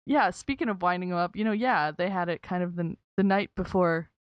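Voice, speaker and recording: A woman's voice: on the low side, fairly quick, smooth, no echo. Giggly American woman, dry lo-fi. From United States. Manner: giggly, chatty, full of fillers. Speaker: podcast host. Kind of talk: casual chat.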